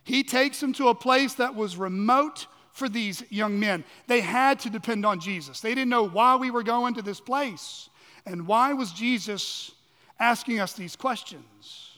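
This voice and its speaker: A man preaching a sermon as pastor, swinging from loud emphasis to hushed, drawn-out lows. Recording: long hall reverb.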